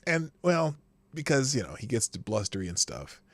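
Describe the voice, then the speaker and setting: Chatty host. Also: male voice, medium pitch, big pitch swings, moderate pace, no room sound. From upper Midwest of the United States. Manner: rambling, chuckling, many fillers and restarts. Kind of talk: casual live show chat.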